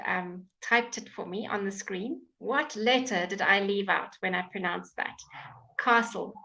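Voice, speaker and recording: A woman with a British accent teaching English pronunciation in a live online class, enunciating words slowly and clearly, with frequent fillers. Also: medium pitch, bright, forceful tone, rough recording. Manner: slow, clear, drawn-out enunciation with many fillers. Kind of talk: live online language lesson.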